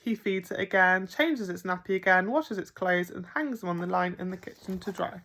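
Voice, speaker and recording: A woman's voice: lowish voice, normal speed, fairly bright tone. Teacher lady reading a picture book to kids, lots of playful emphasis and gasps. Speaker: primary school teacher.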